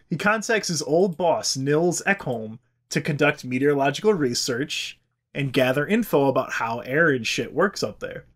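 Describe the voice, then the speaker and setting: Medium in pitch with a fairly bright tone, this man hosts a podcast and narrates history in a loose, irreverent style. Swearing comes easily to him, and he slips into silly voices.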